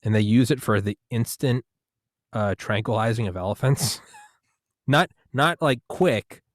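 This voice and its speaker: A young man in casual comedic chat, rambling through jokes and bursting into loud shouted impressions. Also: lowish voice, normal speed, no echo, clean studio sound.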